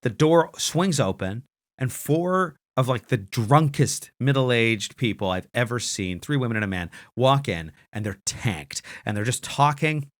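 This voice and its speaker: A man's voice: mid-range voice, lively intonation, unhurried. A man hosting a comedy podcast, telling a long rambling story in casual chat with frequent "um"s and restarts. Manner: rambling, lots of fillers and restarts. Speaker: podcast host.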